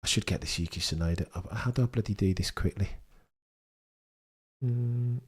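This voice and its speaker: Deep-ish guy on a live stream, chatting with viewers, bit stuffed up from being sick. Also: moderate pace, breathy edge. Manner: chatty, banters with chat, bursts of excitement. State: stuffy nose, recovering from illness. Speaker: live-stream host reading chat. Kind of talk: casual live-stream chat before a race.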